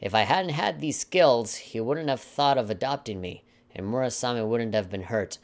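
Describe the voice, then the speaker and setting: A let's play commentator with a medium-pitched voice and moderate pace reads a game's story text out loud. He mocks it as he goes, sarcastic and mock-dramatic, chuckling in his asides.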